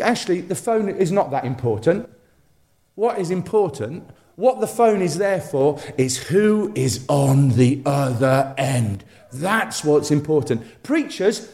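Animated preacher, man. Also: a little high. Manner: animated, repetitive, conversational storytelling with many restarts. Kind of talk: sermon.

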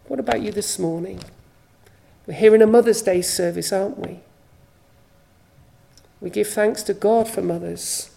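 A woman preaching a sermon at a church service, slow and emphatic, with repeated phrases for weight. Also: medium pitch, creaky, mellow.

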